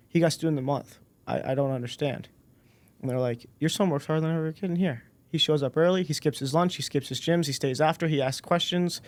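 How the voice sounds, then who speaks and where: A man in his twenties, a podcast guest, telling a personal story in a relaxed way and acting out the dialogue. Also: on the high side, fast talker. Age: 20s. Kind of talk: casual storytelling interview.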